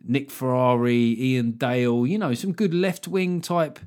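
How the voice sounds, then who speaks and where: A man's voice: mid-range voice, a little slow, darkish tone. Young english guy doing a solo podcast, sardonic and rambly, swears a lot. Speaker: podcast host. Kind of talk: casual solo political chat.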